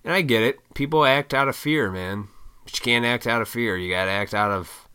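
A man from Illinois ranting in a casual solo monologue, blunt and profane, with mocking high-pitched put-on voices. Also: brisk, bright, forceful tone, clean tone. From Illinois, USA. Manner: works in restaurants.

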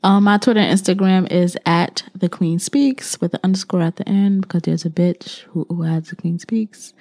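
A woman co-hosting a podcast in casual chat, blunt and profane, quick to launch into dismissive rants. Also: fairly low pitch, dark tone. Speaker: podcast co-host.

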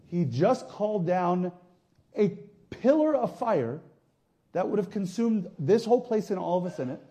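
A male priest giving a conversational sermon, going from soft, quiet asides to loud emphatic passages. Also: sits high. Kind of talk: sermon teaching.

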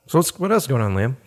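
A man in his forties rants sarcastically in a casual podcast chat, swearing freely. His pitch swings widely as he talks. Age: 40s. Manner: profane, ranting, sarcastic. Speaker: podcast co-host.

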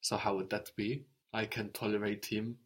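Male tutor, slightly low voice, calm explainer who quizzes the learner. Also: normal speed, slightly rough. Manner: patient, explanatory, prompts the student with questions. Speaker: language teacher. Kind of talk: interactive language lesson.

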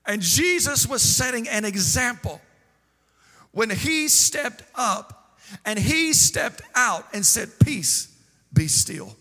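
A man preaching a sermon in a sing-song cadence that climbs into shouts, recorded in a church sanctuary. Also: very high-pitched, animated, slow. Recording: long hall reverb.

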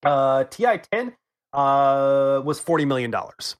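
A man's voice: medium pitch, animated, measured pace, clear, resonant tone. A man hosting a casual gaming news podcast, talking with many ums and hesitations and teasing his co-hosts. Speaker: podcast host.

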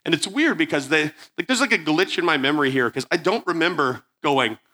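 Animated bright-voiced man telling a story. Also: a little high, a little fast. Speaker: preacher. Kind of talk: storytelling sermon.

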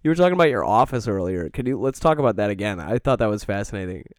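A man's voice: on the low side, expressive, very fast, no echo, studio quality. A man hosting a casual comedy podcast, telling stories, laughing easily and acting out other people's lines.

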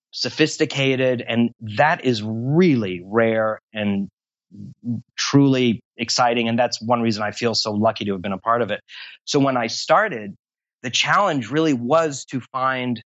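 Speaking at a measured pace, this voice actor, a guest in a casual interview, has a mid-range, fairly bright tone. He goes on long, rambling tangents laced with self-deprecating humor, and the audio is dry and dull.

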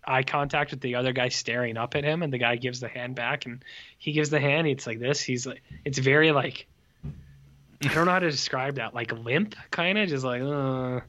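A man's voice: mid-range voice, normal speed, sharp tone. Male podcast co-host, casual rambling movie chat, joking delivery, slightly muffled audio. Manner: joking, rambling, slips into mock exclamations.

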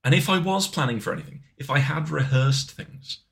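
A man's voice: fairly high pitch, brisk, vocal fry, a bit bright. A man co-hosting a podcast, bantering playfully and slipping into silly voices and bits. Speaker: podcast co-host. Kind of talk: casual banter.

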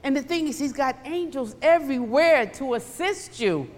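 A woman preaching a sermon, emphatic and animated, swinging between loud bursts and hushed asides. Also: sits high, normal speed, long reverb tail.

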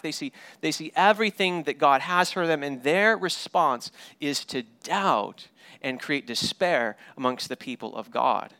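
A man preaching a sermon as pastor, animated and storytelling, often repeating words as he restarts. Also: a little high, dry recording. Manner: animated storytelling with paraphrased dialogue; frequent word repeats and restarts.

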